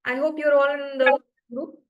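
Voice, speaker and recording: A woman's voice: sits high, flat delivery, moderate pace, lo-fi sound. A woman teaching French to beginners in an online class, explaining patiently and often checking that students follow.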